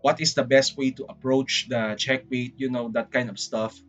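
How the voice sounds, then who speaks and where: A man with a Filipino accent chatting casually on a livestream, rambling and excitable, often saying "freaking". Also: medium pitch, normal speed, faint music behind. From Philippines. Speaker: VTuber streamer.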